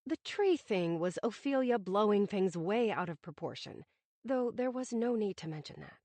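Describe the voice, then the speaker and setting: A woman's voice: mid-range voice, animated, moderate pace, a little mellow, dry recording. A woman narrating a first-person romantic comedy audiobook in a wry, self-conscious manner, from a studio booth on a close mic.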